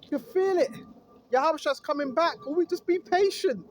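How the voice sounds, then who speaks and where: A man's voice: extremely high pitch, normal speed, slight background noise. A man preaching outdoors, reading scripture aloud and then riffing on it, calling out to listeners and chuckling often. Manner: exhorting, reads scripture aloud then riffs on it. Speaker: street preacher.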